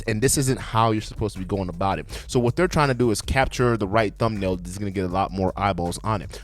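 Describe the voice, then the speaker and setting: A man talks straight into the mic with a dry, close sound. His delivery is blunt and profane, and he lectures his viewers in a loose, animated way. He has a middling pitch and talks like a casual commentary host. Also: dry recording. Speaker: reaction video host.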